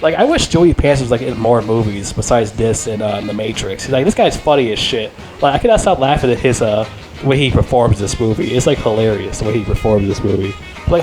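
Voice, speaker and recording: A man giving a casual, unscripted movie review, rambling and excitable, swearing freely and leaning on filler words. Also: medium pitch, fairly quick, soft background music.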